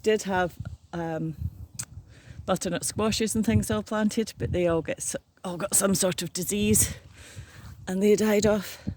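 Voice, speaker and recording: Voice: mid-range voice, steady tone, measured pace. Older gardener chatting away outside while working, plain matter-of-fact talk, faint noise behind. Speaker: vlogger. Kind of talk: casual chat. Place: outdoor garden.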